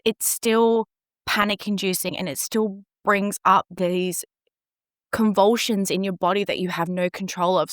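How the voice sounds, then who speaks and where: A woman's voice: medium pitch, a bit bright, no room sound, clean studio sound. A woman guest in an interview, earnestly recounting a distressing personal experience in an emotionally open way.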